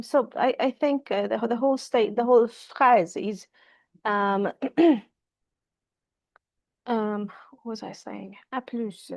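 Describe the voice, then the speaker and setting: A woman's voice: a little high, a little mellow, no room sound. A woman teaching French in an online class over a video call, repeating phrases and switching between French and English.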